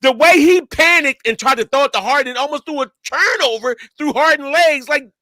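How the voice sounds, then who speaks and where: A man's voice: very high-pitched, pushed and bright, no echo. A man co-hosting a podcast, blunt and insistent, cutting in to push his point. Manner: blunt, insistent, quick to cut in. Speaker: podcast co-host. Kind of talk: heated sports debate.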